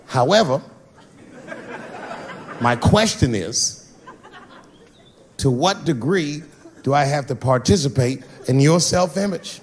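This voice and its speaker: A man doing a stand-up comedy routine on a live stage, telling stories in a loose, profane way with sudden high-pitched bursts. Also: lively intonation, slow, long pauses.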